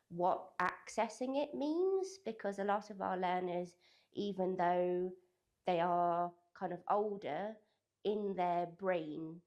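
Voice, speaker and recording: A woman's voice: mid-range voice, darkish tone, dull audio. A young woman working as a digital communications apprentice at a college, answering interview questions in a loose, hedging way full of "kind of" and "sort of".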